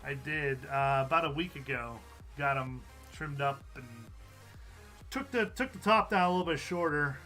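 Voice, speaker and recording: A man's voice: a little high, normal speed, sharp tone, soft background music. A man hosting a live stream, chatting casually, reading out viewer comments and laughing often. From USA.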